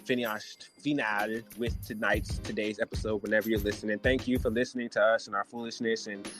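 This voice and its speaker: A man hosting a podcast, ranting in casual chat in an animated, joking way with loose slang. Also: on the low side, a little fast, faint music behind. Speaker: podcast host.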